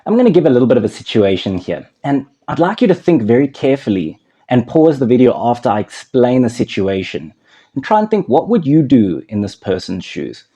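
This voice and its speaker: A man's voice: mid-range voice, big pitch swings, fairly quick, mellow, slightly rough, highs cut off. A man who works as an anger management counsellor, talking straight to the viewer and asking them questions while he tells a story. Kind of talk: direct-to-camera teaching talk.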